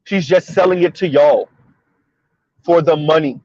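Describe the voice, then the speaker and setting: Man, somewhat high voice, rhetorical questions, emphatic commentary. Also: a little slow, darkish tone, dry recording, lo-fi sound. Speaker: commentary video host. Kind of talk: monologue commentary.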